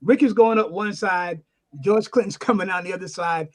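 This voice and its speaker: Middle-aged man, guest musician, high voice, animated, swears a lot. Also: normal speed. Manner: animated, profane, acts out the voices in his stories. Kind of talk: storytelling in a casual chat.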